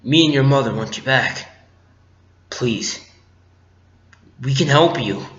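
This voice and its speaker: A man voicing a gruff space smuggler, confused and then pleading like a father, in a casual quoted impression. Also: mid-range voice, slow pace, fairly bright tone, roomy sound, dull audio.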